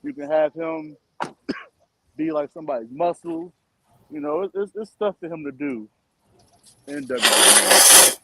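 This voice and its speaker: A man's voice: fairly high pitch, expressive, measured pace, pauses often, sharp tone, a little hiss or hum, low-quality recording. A man co-hosting a podcast, chatting casually. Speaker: podcast co-host. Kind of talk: casual chat.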